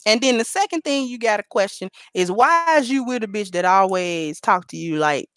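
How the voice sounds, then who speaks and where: A woman's voice: medium pitch, animated, moderate pace, few pauses, a bit bright, clean tone, no room sound. A woman hosting a live stream, talking bluntly and profanely in a preachy, casual way. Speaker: livestream host.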